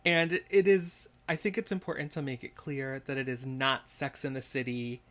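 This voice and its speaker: A man co-hosting a relaxed podcast alongside his mother. He talks in a loose, chatty way and drives the recap forward. He does most of the talking. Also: mid-range voice, moderate pace. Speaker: podcast co-host. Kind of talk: casual podcast chat.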